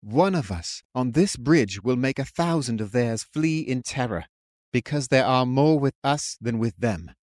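A man voicing an earnest young man who speaks in a steady, comforting and imploring way. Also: medium pitch, moderate pace, no echo, studio quality, natural voice. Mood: reassuring.

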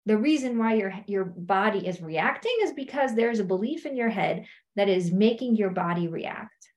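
A middle-aged woman speaking as a coach in a conversational teaching talk, often acting out what people say. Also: moderate pace. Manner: conversational, acts out quotes in high animated voices.

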